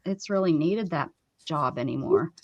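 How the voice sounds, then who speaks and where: A woman's voice: deep voice, lively intonation, moderate pace, no room sound. A woman co-hosting a casual chat, talking in a playful, teasing way. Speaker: co-host. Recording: dull lo-fi audio.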